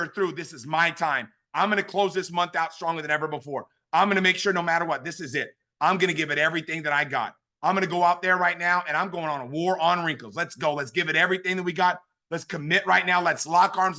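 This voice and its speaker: A man's voice: a little high, pushed and bright. A man giving a hype motivational pep talk to a sales team, fired-up and punchy, repeating rallying phrases.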